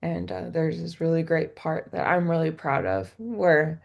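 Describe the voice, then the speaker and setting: Laid-back woman, kinda low and gravelly, slow talker, giggly storyteller. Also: very animated, highs cut off. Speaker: podcast guest. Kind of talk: casual chat.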